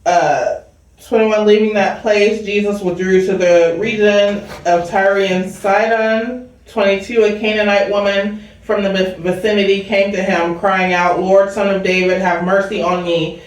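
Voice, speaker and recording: A woman with a giggly manner reads viewer comments aloud in a steady voice. She is far from the mic, and the room rings with heavy echo. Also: mid-range voice, unhurried. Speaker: co-host reading comments. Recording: very echoey room, distant mic.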